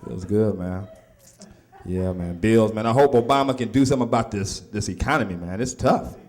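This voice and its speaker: A man's voice: lowish voice, normal speed, darkish tone. A middle-aged man doing a stand-up routine in a loose, conversational way, full of asides to the crowd. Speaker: stand-up comedian.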